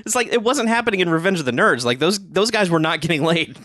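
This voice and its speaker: A man's voice: high voice, lively intonation, fast, bright, forceful tone, no room sound, studio quality. A man chatting casually about a movie, blunt and sarcastic, laughing often and swearing freely. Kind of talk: casual movie review chat.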